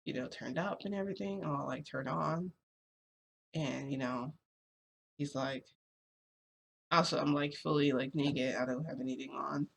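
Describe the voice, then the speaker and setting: A woman's voice: very deep voice, moderate pace, vocal fry, long pauses, a little hiss or hum. A woman telling a story to her viewers in a rambling, chatty way, giggling often, her voice cracking from screaming. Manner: rambling, full of fillers and giggles. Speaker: vlogger. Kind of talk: casual storytime chat.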